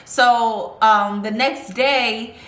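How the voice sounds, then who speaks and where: A woman's voice: fairly high pitch, steady tone, very slow, fairly bright tone, echoey room. A young woman vlogging a casual storytime, rambling and chatty with lots of fillers.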